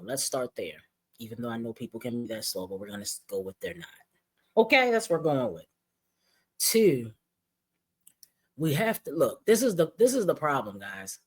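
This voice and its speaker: A commentary host giving blunt, sarcastic, profane running commentary on another streamer's clips. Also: medium pitch.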